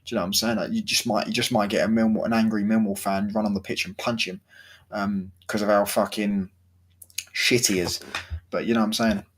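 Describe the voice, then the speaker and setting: Husky young man, slangy football chat. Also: fairly low pitch, level tone, a little fast. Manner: slangy, swearing, laid-back banter. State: sore throat. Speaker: football vlogger.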